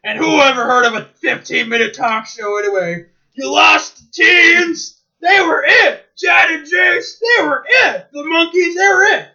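A man's voice: very high voice, very animated, takes it slowly, pauses often, sharp tone, muffled recording, voice pushed up, heavily acted. A man voicing a cranky, sarcastic cartoon mantis sidekick who shrieks and rants. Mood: shrill ranting. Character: shrill, cranky insect sidekick, male, mantis-like.

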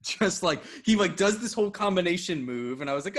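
A man's voice: sits high, expressive, a little fast. A man co-hosting a podcast, chatting casually and wryly about a TV episode, acting out characters' lines. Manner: wry, acts out characters' lines. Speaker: podcast co-host. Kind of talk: casual chat recapping a TV episode.

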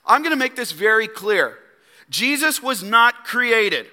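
A man preaching a sermon as pastor, emphatic, swinging between loud declarations and hushed low asides. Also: sing-song, measured pace, big-room sound. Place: church sanctuary.

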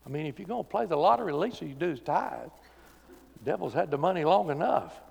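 Pastor guy preaching, kinda high voice, goes loud then real quiet, big church echo. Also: expressive, quick pace, gravelly, breathy edge. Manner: emphatic preaching that rises loud then drops to quiet, intimate talk. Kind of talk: sermon. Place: church sanctuary. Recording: church sanctuary with long reverb.

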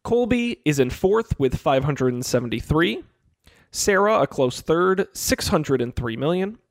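Animated man hosting a chatty podcast. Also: fairly high pitch, unhurried, no echo, studio quality. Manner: animated, playfully sarcastic. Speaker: podcast co-host. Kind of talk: casual podcast chat.

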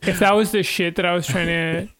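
A man co-hosting a podcast from home, chatting casually in halting, self-mocking bursts. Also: sits high, steady tone, a crowd in the background. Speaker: podcast co-host running the control board. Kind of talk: casual banter.

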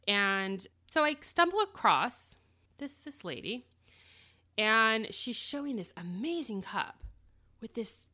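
A woman casually telling a personal story about starting her small business, animated and lively. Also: on the high side, takes it slowly. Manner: animated, lively retelling with acted quotes.

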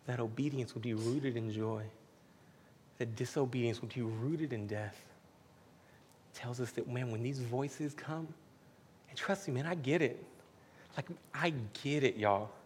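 A man preaching a casual, heartfelt sermon that moves between hushed whispers and loud, emphatic passages. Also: mid-range voice, measured pace, long pauses. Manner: casual, uses "man" and "y'all". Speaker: pastor. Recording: hall with faint background noise.

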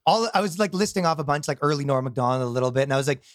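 A man's voice: fairly high pitch, animated, very fast, no room sound, clean studio sound. A man from Canada hosting a casual podcast chat, rambling and padding his sentences with filler words. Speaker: podcast host.

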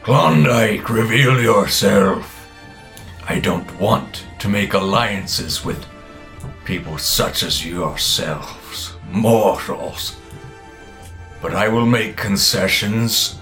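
A man as game master voicing an ancient, scheming male dragon, with slow, drawn-out menacing speech. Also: lowish voice, fairly bright tone, faint music behind, heavily acted. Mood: frantic.

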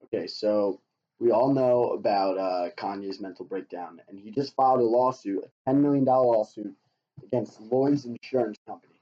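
A man's voice: lowish voice, moderate pace, dark tone. A man co-hosting a podcast in casual chat, profane and ranting, laughing often. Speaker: podcast co-host. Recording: dull lo-fi sound.

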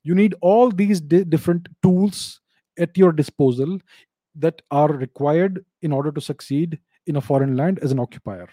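Man explaining with restarts, warm and dry. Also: a little high, no room sound. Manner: measured, repeats and restarts phrases while explaining. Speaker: host answering viewer questions. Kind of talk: unscripted explanatory talk.

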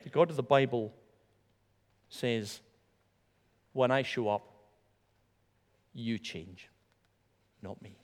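A man preaching a sermon in a church, animated and emphatic, repeating words for stress. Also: mid-range voice, takes it slowly, long pauses. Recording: long hall reverb.

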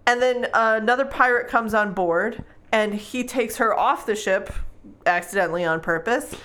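A woman's voice: on the high side, moderate pace. A woman co-hosting a podcast, chatting wryly about books with easy laughter and reading blurbs aloud. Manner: laughs easily, chatty and wry. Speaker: podcast co-host. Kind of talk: casual chat, reading book blurbs. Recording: steady background noise.

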